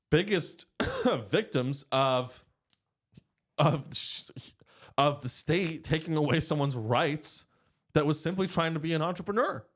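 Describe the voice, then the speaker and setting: A man in his thirties hosting a casual comedic podcast in a studio, rambling and crude with plenty of jokes. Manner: rambling, crude, jokey, swings pitch widely. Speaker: podcast host.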